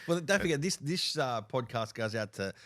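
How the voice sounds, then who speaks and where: A man's voice: medium pitch, expressive, moderate pace, a bit bright. An Australian man hosting a podcast, asking rambling, chatty questions and often repeating words as he goes. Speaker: podcast host. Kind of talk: casual podcast interview.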